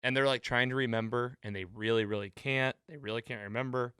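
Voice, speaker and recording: A man hosting a casual recap chat, retelling scenes with animated quotes. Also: mid-range voice, a little fast, smooth, no echo, studio quality. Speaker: podcast host.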